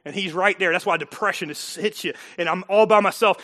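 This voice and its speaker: A pastor preaches a sermon in a high, bright, ringing voice. He drops to quiet, intimate asides, then rises to loud, emphatic lines. He laughs often as he goes. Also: brisk.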